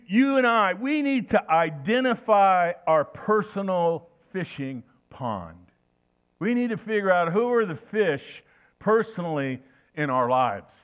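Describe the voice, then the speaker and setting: Older man, sermon, folksy storytelling, slightly high voice. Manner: folksy, anecdotal, with restarts. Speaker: preacher.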